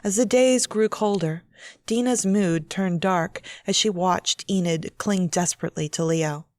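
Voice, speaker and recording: Woman reading her novel, lowish voice. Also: measured pace, no echo. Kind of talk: scripted audiobook narration.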